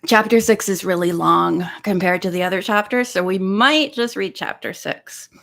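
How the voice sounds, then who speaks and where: A woman's voice: medium pitch, normal speed, gravelly, a bit bright. A woman hosting a casual live stream, chatting in a rambling way and counting pages aloud. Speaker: live-stream host reading a book.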